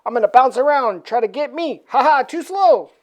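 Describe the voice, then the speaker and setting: A woman's voice: high voice, animated, moderate pace, darkish tone, voice pushed up. A woman voicing a cocky teenage male superhero who teases and boasts in slangy talk while retelling a comic book. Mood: boastful. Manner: brash, teasing, slangy.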